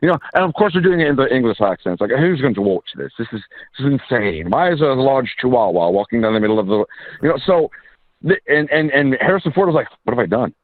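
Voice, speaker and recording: A man, an independent filmmaker and actor, telling stories in a casual interview with quick asides and restarts. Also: mid-range voice, animated, dry recording. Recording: tinny phone-line sound.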